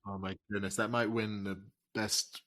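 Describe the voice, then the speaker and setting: A man's voice: lowish voice, little pitch movement, normal speed, fairly bright tone. A man hosting a podcast interview, prompting his guest with encouraging questions and laughing along. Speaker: podcast host. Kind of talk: conversational interview.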